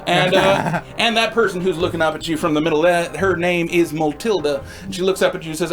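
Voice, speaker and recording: A man's voice: high voice, brisk, hardly any pauses. A man narrating a tabletop game as game master, playful and tripping over his words.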